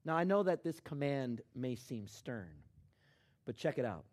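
Middle-aged guy preaching, goes quiet then shouts, lots of ups and downs. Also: medium pitch, big pitch swings, a little slow. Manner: swings from hushed to shouting in acted quotes. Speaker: pastor. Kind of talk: sermon.

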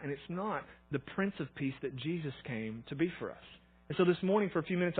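A man's voice: a little high, breathy edge. A man preaching a sermon in a church, telling stories in a chatty way and acting out his own thoughts. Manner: chatty storytelling with fillers and quoted inner thoughts. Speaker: pastor. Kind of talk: conversational sermon. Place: church auditorium. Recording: thin phone-like sound.

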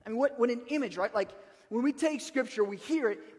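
A man's voice: very high-pitched, fairly quick, a little mellow, long reverb tail. A man preaching a sermon as pastor, talking conversationally and repeating words as he starts a thought.

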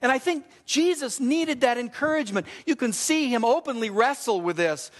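A middle-aged male pastor preaching with a light, high-pitched voice. He tells stories with lively emphasis, and his words ring out with a long hall reverb. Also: normal speed, few pauses. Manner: storytelling, animated, emphatic preaching. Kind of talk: sermon.

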